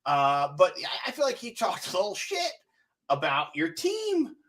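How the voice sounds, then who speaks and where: A man co-hosting a live stream with a high, bright voice that leaps all over the place. He keeps breaking into giggles and talks casually over the clips he plays. It sounds like a simple desk-mic setup. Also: huge pitch swings, unhurried. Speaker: podcast co-host.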